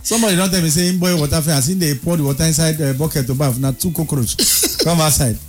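A man with a Nigerian accent chatting casually and telling lively stories as a co-host. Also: fairly high pitch, fast, soft background music. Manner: animated storyteller who acts out the people in his story. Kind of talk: casual chat.

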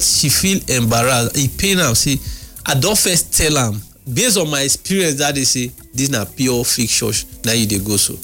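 A man with a Nigerian accent telling a story in a casual chat, animated and mocking. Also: medium pitch.

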